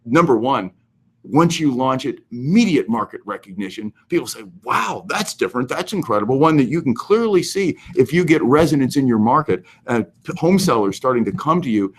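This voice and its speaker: A man hosting a live question-and-answer show, giving animated, emphatic advice and explaining the law step by step. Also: medium pitch, a little fast, husky. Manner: animated, emphatic, goes overboard. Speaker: host answering real estate questions.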